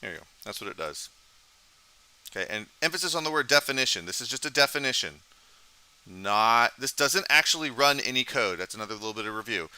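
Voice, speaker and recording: Male programming lecturer, very bright crisp voice, casual, thinks aloud, quizzes students. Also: lowish voice, animated, fast talker. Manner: casual, thinking aloud, asks class questions. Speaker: college programming instructor. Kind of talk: live coding lecture.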